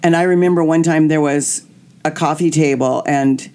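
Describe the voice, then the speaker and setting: A middle-aged woman hosting a podcast, telling candid personal stories in an animated way and acting out the voices of people she quotes. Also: low-pitched, normal speed. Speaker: podcast host. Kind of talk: candid storytelling chat.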